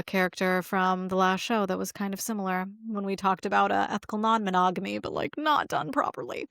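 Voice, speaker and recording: A woman in her thirties with a medium-pitched voice co-hosts a podcast, chatting casually with lots of fillers and acting out quoted dialogue. The recording is dry and of studio quality.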